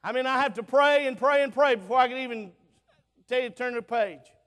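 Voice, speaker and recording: A man from Alabama with a Southern accent preaching a revival sermon through a sound system in a church auditorium, fervent and plain-spoken, swinging between loud bursts and soft asides. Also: very high voice, brisk. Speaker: visiting preacher. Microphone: church sound system mic. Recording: long auditorium reverb.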